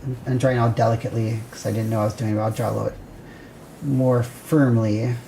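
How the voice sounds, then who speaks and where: A woman's voice: very deep voice, fairly even intonation, quick pace, gravelly, dark tone, slight background noise. A woman hosting a livestream, casually thinking aloud and chatting with viewers while she sketches a building plan. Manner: rambling, self-correcting, chatty with viewers. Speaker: livestream host.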